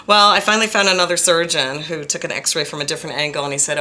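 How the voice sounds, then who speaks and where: A woman's voice: sits low, fast talker, hardly any pauses, sharp tone. A woman counselor talking straight to camera about her own experience, frank and blunt, stressing points by repeating them. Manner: frank and blunt, openly emotional; emphatic, repeats phrases for stress. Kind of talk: direct-to-camera personal talk.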